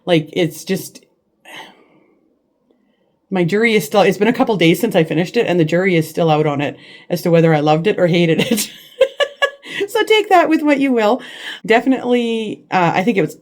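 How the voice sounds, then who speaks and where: Low-voiced chatty woman vlogger. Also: moderate pace, long pauses. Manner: chatty, hesitant, many restarts and fillers. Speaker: book vlogger. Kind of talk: casual chat. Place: living room.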